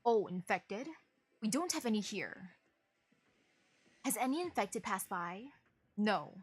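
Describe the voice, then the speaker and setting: A woman voicing a wary, hostile male village farmer who speaks defensively and gruffly while reading a game's story aloud. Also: medium pitch, lively intonation, slow pace, no echo. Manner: defensive and gruff, turning scornful.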